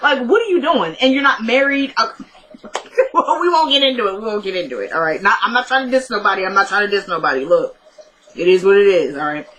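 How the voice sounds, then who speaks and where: Bright-voiced woman chatting casually. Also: mid-range voice, expressive, quick pace, slight background noise, poor audio. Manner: chatty, fillers like "like" and "he goes"; candid, opinionated asides. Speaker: TV show recapper. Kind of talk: casual recap chat.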